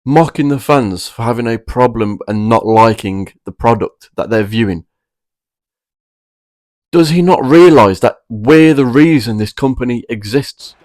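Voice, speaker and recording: A man in an exasperated opinion rant, hammering his points with repetition and disbelief. His voice sits at an ordinary middle pitch. The recording is close and dry, with no room sound. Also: measured pace, a little mellow, no room sound. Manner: frustrated, exasperated, emphatic. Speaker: wrestling commentary vlogger.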